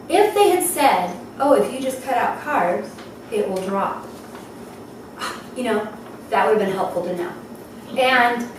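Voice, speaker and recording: A woman shares her story at a gathering, her voice a touch high and heard from a distance. The room is very echoey, with clear noise underneath. She gets emotional and laughs through tears as she talks. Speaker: speaker at a health event. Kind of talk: personal testimony talk. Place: event hall.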